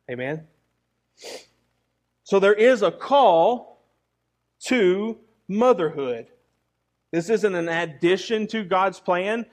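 A young adult male pastor preaching a sermon earnestly, often repeating words and asking the congregation rhetorical questions. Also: high voice.

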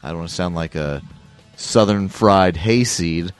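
A man's voice: low-pitched, unhurried, smooth, soft background music. A man co-hosting a radio show in casual chat, jokey and rambling. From United States.

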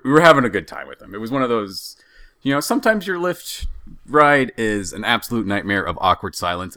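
A man from the western United States, co-hosting a podcast and telling a story in a casual, halting way, with lots of restarts. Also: fairly low pitch, no echo, studio quality. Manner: animated, halting, with many restarts. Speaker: podcast co-host.

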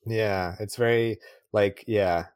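A man's voice: fairly low pitch, steady tone, slow, darkish tone, smooth, dry recording, studio quality. A man co-hosting a podcast, chatting casually about a movie, rambling and laughing often. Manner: rambling, laughs often, acts out lines in a raised voice. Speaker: podcast co-host.

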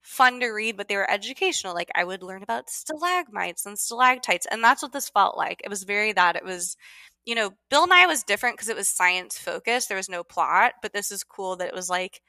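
A podcast co-host, a woman with a bright, clear voice and a wry, chatty way of talking. She leans on "like" constantly as she riffs. The sound is dry and close, with no room around it. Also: mid-range voice, lively intonation, brisk, no echo. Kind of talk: casual chat.

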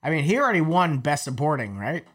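A man's voice: on the high side, big pitch swings, fast talker, a bit bright. A man co-hosting a podcast, chatting casually with a rambling, profane manner full of fillers and restarts. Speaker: podcast co-host. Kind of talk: casual chat.

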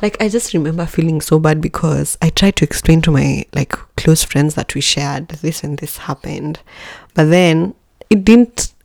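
Gravelly-voiced woman telling a candid story. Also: moderate pace, dry recording. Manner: candid and expressive, with jumps in pitch and level; joking asides to listeners. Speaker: podcast host. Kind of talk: casual personal storytelling.

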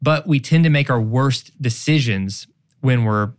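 A man's voice: medium pitch, measured pace. A man in his forties co-hosting a marriage podcast, earnestly explaining with analogies in casual talk. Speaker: podcast co-host. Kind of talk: casual marriage advice chat.

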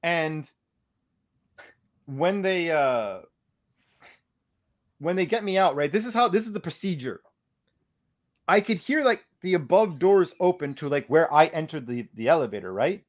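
A young man casually telling a story on a podcast, animated and profane, acting out what he said. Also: a little high, unhurried, long pauses.

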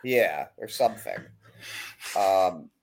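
A man hosting a casual sports podcast, talking in an animated, rambling way. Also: low voice, takes it slowly. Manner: animated, rambling, self-deprecating. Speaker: podcast host.

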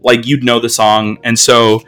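A man's voice: mid-range voice, level tone, measured pace, fairly bright tone, clear, resonant tone. An American man hosting a podcast, talking casually in a rambling, filler-heavy, self-deprecating way. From United States. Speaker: podcast host.

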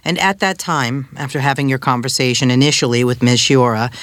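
An actor reading a prosecutor's questions to a witness in a courtroom reenactment, formal and measured. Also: male voice, medium pitch, steady tone, a bit bright, no room sound, close to an everyday voice.

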